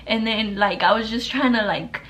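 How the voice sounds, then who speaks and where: A woman's voice: on the high side, normal speed, fairly bright tone. A young woman vlogger telling a story to the camera in a rambling, profane, casual way, full of fillers.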